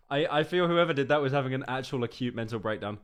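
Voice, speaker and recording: A man streaming, riffing on a video with loose, sarcastic live reaction commentary. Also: mid-range voice.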